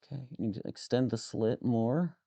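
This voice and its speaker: A man's voice: mid-range voice, normal speed, gravelly, warm tone, no room sound. A man live streaming as he works with his hands, muttering to himself, swearing freely and joking with his chat. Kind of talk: casual live-stream chat while working.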